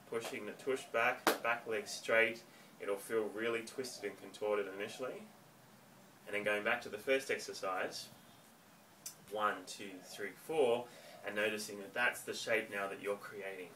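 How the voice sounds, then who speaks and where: Man counting steps in a dance lesson. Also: fairly low pitch. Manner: steady counting, clear step-by-step instructions. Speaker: dance teacher. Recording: distant mic, faint room noise.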